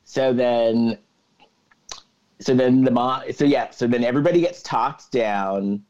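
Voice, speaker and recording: A man's voice: medium pitch, unhurried, muffled recording. A man co-hosting a podcast, casually recapping a movie plot and acting out the characters' lines. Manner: animated retelling with acted-out quotes. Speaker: podcast co-host.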